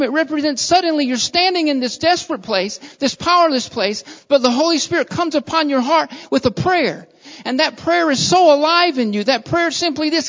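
A preacher delivering a sermon in repeated, building phrases, by turns loud and fervent, then quiet and earnest. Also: high voice, in a large hall, dull audio.

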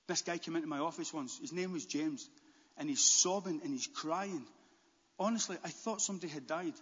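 A man preaching a sermon as pastor, animated, with stammered restarts and bursts near a shout. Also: fairly high pitch, a little fast, slightly rough. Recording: dull, long-echo church hall.

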